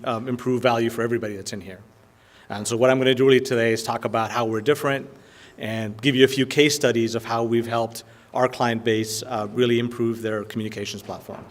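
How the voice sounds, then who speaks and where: A man giving a business presentation to a lunch audience, talking in a casual, filler-heavy way and often checking in with "right?". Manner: filler-heavy, conversational pitch with frequent "um" and "right?". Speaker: company presenter.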